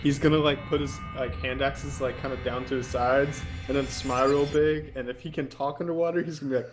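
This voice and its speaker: A man's voice: mid-range voice, fairly even intonation, fairly quick, music in the background. A man playing in a tabletop game, talking loosely and chattily with fillers and laughs. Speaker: player. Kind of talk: casual tabletop game play.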